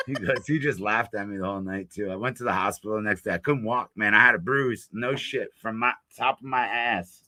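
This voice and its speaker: In casual conversation, a Florida blues musician guest recounts a rowdy road trip, cursing and laughing without restraint. His voice is lowish and sharp in tone, he talks a little fast, and the recording has no echo.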